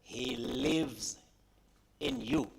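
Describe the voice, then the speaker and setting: A man's voice: fairly high pitch, wildly swooping pitch, drawn-out words, gravelly, husky, full character voice. A man, quoting a story in a speech, voicing a wise old male baboon who speaks emphatically in a raised voice. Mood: knowing, insistent.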